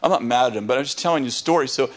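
A man who is a pastor, telling a lively story on a podcast, laughing often and restarting his sentences. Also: mid-range voice, very fast.

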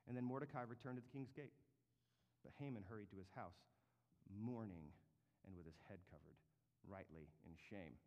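A man preaching a sermon as pastor, telling stories with lively comic flair. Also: fairly low pitch, moderate pace, long reverb tail, muffled recording. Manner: animated, comic storytelling.

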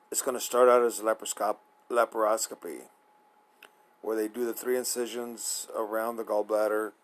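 A man with a fairly low voice hosts his own show in a loose, rambling monologue. He trails into fillers and restarts, sounding drowsy and a little apprehensive. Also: rough recording. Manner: nervous, apprehensive. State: sleepy, yawning. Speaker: podcast host. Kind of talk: casual solo monologue.

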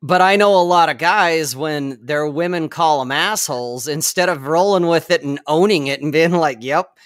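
A man's voice: on the high side, normal speed, a bit bright, no echo, clean studio sound. A man co-hosting a podcast, chatting casually, swearing freely and rambling with frequent laughs. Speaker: podcast co-host. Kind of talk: casual chat.

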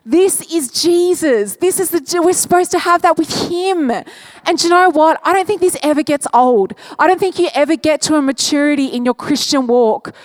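An animated woman preaches to a congregation, her voice sitting high. She talks in a chatty, personal way, acting out little quotes and laughing as she goes. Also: moderate pace. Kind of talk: sermon.

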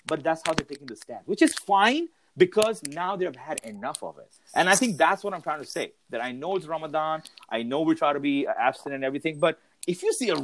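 A man's voice: fairly high pitch, fairly bright tone, no echo. A man in casual podcast chat, talking emphatically with slang. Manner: emphatic, uses slang like bro and yo. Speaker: podcast co-host.

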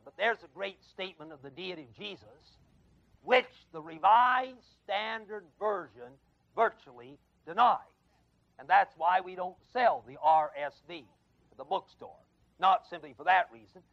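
A man with a high voice and a gravelly edge teaches a Bible class, pressing his points hard and firing questions at the students. The sound is dry and close, on a dull, lo-fi tape from 1979. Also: no room sound. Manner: emphatic, quizzes the class with questions. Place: adult education classroom.

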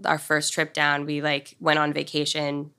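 A woman with a low voice chats as a guest on a live podcast. Her tone is gravelly with a bright, forceful edge. She tells stories casually, acting out little bits of dialogue and filling her talk with "like". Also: monotone, normal speed. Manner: chatty storyteller, acts out dialogue with many "like"s. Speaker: guest, hotel entrepreneur. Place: live event venue with audience.

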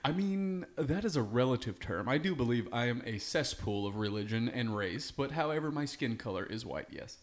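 A man plays a smug Texan who grew up in California. He talks in a dry, wry way and chuckles as he goes. His pitch sits in an ordinary middle range. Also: expressive, normal speed, hardly any pauses, natural voice. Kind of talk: improvised comedy character.

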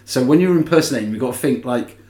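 Casting note: male podcast co-host, mid pitch, talkative and rambling, echoey room sound. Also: expressive, very fast, darkish tone. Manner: chatty, rambling with restarts, laughs often. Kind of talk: casual chat. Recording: roomy echo.

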